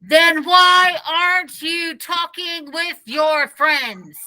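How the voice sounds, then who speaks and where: A woman voicing a stern, angry school principal, shouting and demanding in a read-aloud of a children's book. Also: very high-pitched, drawn-out words, full character voice, poor audio.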